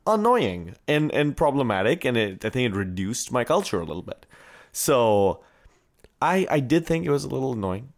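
A man from India co-hosting a podcast, chatting casually and playfully. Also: lowish voice. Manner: animated, playful with points game. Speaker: podcast co-host. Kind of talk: casual chat.

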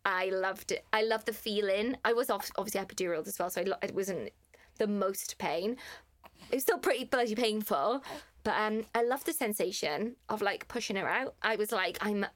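A young woman, co-hosting a podcast and telling stories in a lively, laughing way. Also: medium pitch, normal speed. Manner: animated, laughing storyteller. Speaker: podcast co-host. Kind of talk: casual chat.

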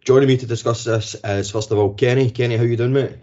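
A man's voice: medium pitch, fairly even intonation, fast talker, warm tone. A man hosting a casual football podcast, chatty, with frequent ums and restarts. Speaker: podcast host. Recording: dull lo-fi podcast audio.

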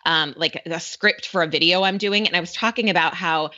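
A woman's voice: lowish voice, fairly quick, sharp tone. A woman in her thirties, a podcast guest in casual conversation, chatty with many fillers and frequent laughs. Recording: dull lo-fi sound.

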